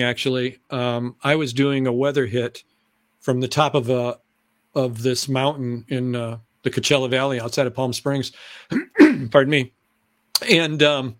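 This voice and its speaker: A middle-aged man, a former TV announcer and weatherman, telling stories as an interview guest, animated and often clearing his throat. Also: no echo, clean studio sound. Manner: animated, acts out excited voices in a high pitch. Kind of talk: conversational storytelling.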